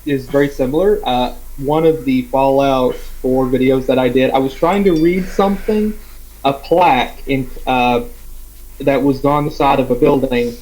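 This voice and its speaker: A man's voice: mid-range voice, darkish tone, low-quality recording. A man on a casual fan panel, mostly giving short agreeing replies. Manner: brief agreeing replies, slow-spoken. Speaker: panelist, YouTuber.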